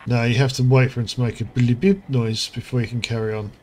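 A man's voice: mid-range voice, flat delivery, fast talker, darkish tone, slight background noise. A man, hosting a casual gameplay commentary, chatty and rambling, with lots of fillers and asides. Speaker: gaming channel host. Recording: music playing underneath.

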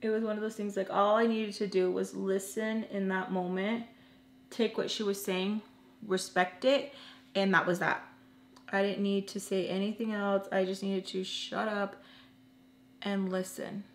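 A woman's voice: medium pitch, roomy sound, slight background noise. A young woman telling an emotional personal story in a casual, earnest way, filling her talk with lots of "like"s. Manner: chatty, filler-heavy with many "like"s.

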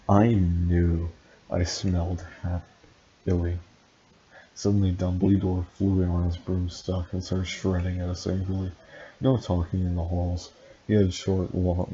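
A man reading fan fiction aloud in a deadpan way, with dry asides and stumbles over words. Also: deep voice. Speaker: reader and commentator. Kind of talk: comic read-aloud of fan fiction with commentary. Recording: dull lo-fi sound, faint hiss.

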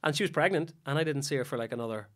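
A man, a broadcaster guest telling stories in a casual podcast chat and acting out his own quotes. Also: fairly high pitch. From Northern Ireland. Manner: rapid storyteller who acts out his own quotes.

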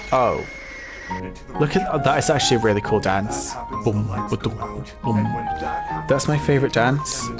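A young woman giving let's play commentary, excitable and given to swearing, jumping between squeals and low mutters. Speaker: gaming YouTuber. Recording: game music playing behind.

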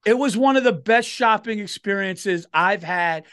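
A man's voice: high voice, normal speed, fairly bright tone, smooth. A middle-aged man, a comedian telling a story on a podcast and doing the voices of the people in it. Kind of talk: casual storytelling chat.

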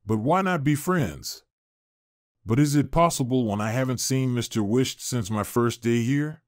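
A man reading a calm kind young caregiver. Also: mid-range voice, a little slow, dry recording, studio quality, close to an everyday voice. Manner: calm, melodious.

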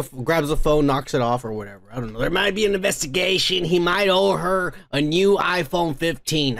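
A man's voice: on the high side, gravelly, fairly bright tone. A man hosting a comedy podcast, ranting crudely about the news, swearing constantly and laughing at his own jokes. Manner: profane, rambling, laughs often. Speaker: podcast host.

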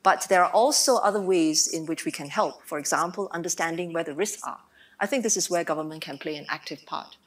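A woman government minister answering on a panel in a measured way, with frequent "um" and "you know". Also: on the low side.

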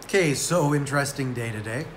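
A man's voice: mid-range voice, a little fast, echoey room, a little hiss or hum. A man telling a story in a casual vlog, laid-back and rambling, with lots of "like". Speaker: vlogger.

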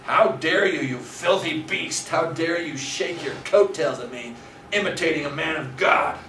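A man's voice: mid-range voice, fairly quick, close to an everyday voice. A man playing a furious, indignant religious leader. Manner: shouting angry rebukes. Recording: roomy, distant, noisy room.

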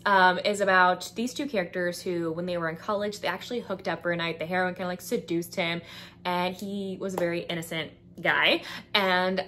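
A woman's voice: lowish voice, sharp tone, slight background noise. Chatty young woman with lilt. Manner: chatty, frequent fillers, acts out characters' lines. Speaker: book vlogger. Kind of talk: casual book recommendations.

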